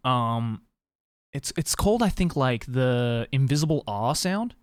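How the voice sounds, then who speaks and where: An Australian man streaming, chatting casually with viewers in a musing, hesitant way, slowing down to sound out words. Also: mid-range voice, expressive, clean tone, no room sound, clean studio sound.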